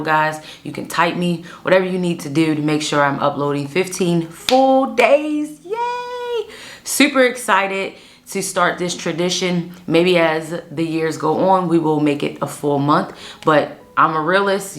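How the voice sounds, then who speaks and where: A woman in her thirties from Pennsylvania tells a true-crime story in a loose, chatty way, calling out to her listeners as guys. Her voice sits low, with a gravelly edge of vocal fry. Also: fairly bright tone. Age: 30s. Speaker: host.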